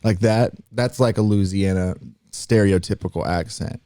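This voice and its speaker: A man's voice: sits low, fairly even intonation, normal speed, mellow, no room sound. A man co-hosting a podcast in casual chat, rambling through explanations and breaking into accent demonstrations. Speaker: podcast co-host.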